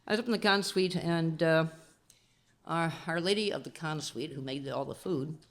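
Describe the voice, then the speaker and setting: Between songs at an indoor convention concert, a woman folk singer with a low voice at normal speed offers wry stage patter, laughing at herself as she introduces each piece. A guitar is strummed and tuned in the background.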